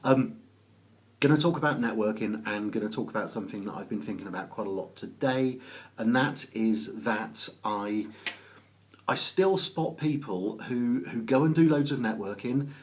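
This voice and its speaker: A man from Oxfordshire with an English accent, chatting casually on a live stream, greeting viewers by name and pausing often with ums. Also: on the low side. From England. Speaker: business networking author.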